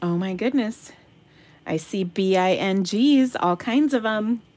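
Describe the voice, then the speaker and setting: A woman's voice: medium pitch, slow pace, a little mellow, slight background noise. A middle-aged woman hosting an online craft game night, calling bingo numbers in a giggly, playful way and breaking into silly singing. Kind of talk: casual live-stream chat calling bingo. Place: home craft room.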